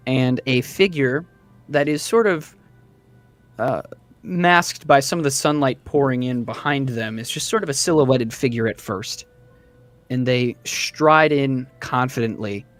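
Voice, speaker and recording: A man's voice: medium pitch, a bit bright. A man narrating as dungeon master in a tabletop game, loose and chatty with fillers and laughter.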